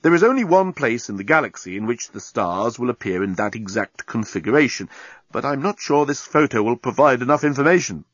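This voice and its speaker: A man voicing a smug male alien navigational officer who speaks slowly and deliberately, in a storybook reading. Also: medium pitch, expressive, a bit bright, husky, dry recording. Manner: slow, deliberate and superior. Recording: dull lo-fi recording.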